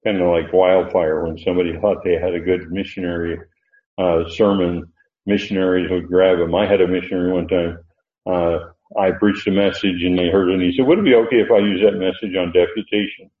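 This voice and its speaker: An older man teaching a Bible study as a preacher, unhurried and halting, with many fillers. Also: sits low, fairly even intonation. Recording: roomy, dull lo-fi sound.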